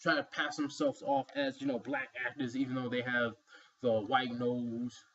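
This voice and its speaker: A man's voice: mid-range voice, little pitch movement, moderate pace, a bit bright, highs cut off. A man giving an emphatic, rambling opinion commentary, filled with "you know" asides. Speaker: vlogger.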